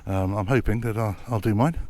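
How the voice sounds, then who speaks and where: A man's voice: fairly low pitch, brisk, a little mellow. An English man vlogging outdoors on a motorcycle trip, chatty with dry self-mocking humor. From England. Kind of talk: casual travel vlog.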